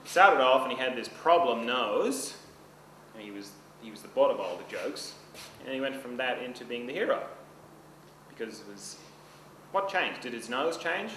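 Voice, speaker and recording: A man teaches a seminar in a casual, chatty way, often asking his class if they follow. He is recorded from a distance in a roomy hall, and steady background noise runs under his voice. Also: medium pitch, normal speed. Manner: conversational, checks in with the class often. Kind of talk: seminar lecture. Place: seminar room.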